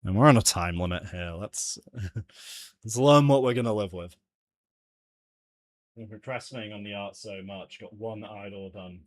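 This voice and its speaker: A man's voice: on the low side, normal speed, pauses often, no echo. Chatty man musing as he works. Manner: chatty, laughs often, mutters to himself. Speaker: game developer streaming his jam entry. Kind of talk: casual livestream chat while working.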